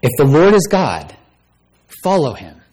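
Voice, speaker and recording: A man's voice: a little high, huge pitch swings, unhurried, darkish tone. A man preaching a sermon, reading scripture aloud and raising his voice dramatically on the quoted lines. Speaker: pastor.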